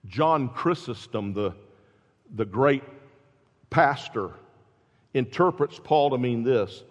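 A man's voice: lively intonation, slow, pauses often. A man preaching a sermon, explaining scripture with emphatic rises at key points. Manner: emphatic, rising in pitch and volume at key points. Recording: dull sound with long reverb in a hall.

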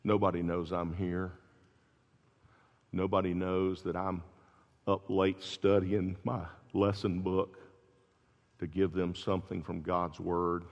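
A man preaching a sermon as pastor, telling stories with rising intensity and quiet drops. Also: low-pitched, slow, long pauses. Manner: animated storytelling, builds to loud peaks then drops soft. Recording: dull lo-fi recording in a large reverberant hall.

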